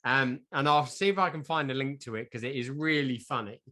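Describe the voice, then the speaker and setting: A man's voice: mid-range voice, fairly quick, pushed and bright. A man from southern England, co-hosting a casual comic chat, rambling playfully. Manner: rambling, playful, sings silly jingles. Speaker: podcast co-host.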